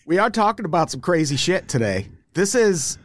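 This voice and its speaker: A man's voice: high-pitched, big pitch swings, normal speed, no echo, studio quality. A man hosting a comedy podcast over a remote call, sarcastic and mock-exasperated in his banter. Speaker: podcast host.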